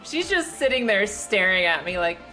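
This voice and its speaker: A young woman streaming from her living room, chatting casually and animatedly, often laughing and jumping into high excited squeals, her voice slightly echoey. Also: normal speed, faint music behind. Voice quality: a little echoey today. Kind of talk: casual chat. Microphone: streaming setup.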